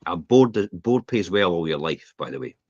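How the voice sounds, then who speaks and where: Scottish male podcast host, opinionated and animated, husky, dull lo-fi sound. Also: low-pitched, moderate pace, dry recording. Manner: opinionated, animated, laughs while ranting. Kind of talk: casual podcast chat.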